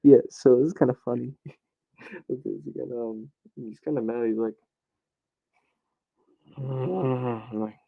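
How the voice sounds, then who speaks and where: A man's voice: mid-range voice, fairly even intonation, takes it slowly, creaky, long pauses, slightly rough. A man rambling and thinking aloud in casual self-talk while recording a hobby video. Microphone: laptop or computer mic. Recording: tinny phone-like audio.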